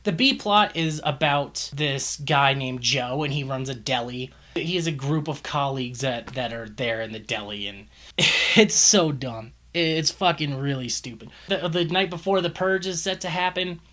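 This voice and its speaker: A man's voice: medium pitch, moderate pace, a bit bright. A man giving a casual, profane movie review, exasperated and ranting, swearing often.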